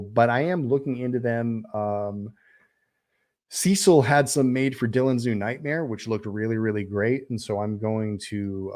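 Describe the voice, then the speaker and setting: Low-voiced rambling man chatting on a livestream. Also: darkish tone. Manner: rambling, many fillers and restarts. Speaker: film director hosting a livestream Q&A. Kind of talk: casual livestream chat, reading viewer questions.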